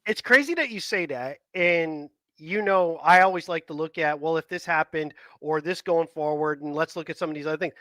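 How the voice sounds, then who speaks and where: A man's voice: a little high, normal speed, few pauses, bright, forceful tone, no room sound. A man hosting a casual sports podcast, chatty and rambling, laughing as he talks. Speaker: podcast host.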